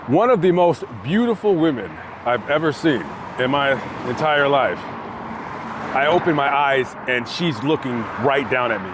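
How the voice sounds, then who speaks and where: A man vlogging outdoors by a busy street, telling a story with lively acted-out quotes. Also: a little high, unhurried. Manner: animated storytelling, acting out quotes. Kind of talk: storytime vlog told on location. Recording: faint street noise outdoors. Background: passing traffic.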